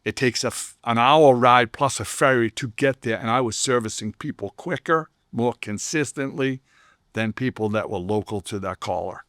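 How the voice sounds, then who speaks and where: Older man, lively storyteller, dry close sound. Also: medium pitch, normal speed, dry recording. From Boston area. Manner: animated storyteller who acts out quoted people. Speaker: roofing company owner, guest. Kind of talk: casual storytelling interview.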